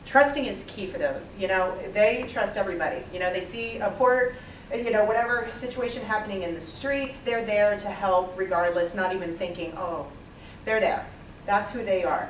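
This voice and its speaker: A woman leading a small interactive training session, lively and quizzing the group. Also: mid-range voice, normal speed, a little hiss or hum. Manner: lively, asks the group questions, acts out types. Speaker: workshop trainer. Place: small training room with a few participants. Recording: echoey room, mic far off.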